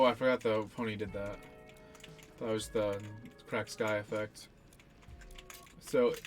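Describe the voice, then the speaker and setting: A young man casually talking through his own gameplay, rambling and self-deprecating, swearing now and then. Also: medium pitch. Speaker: gaming channel host.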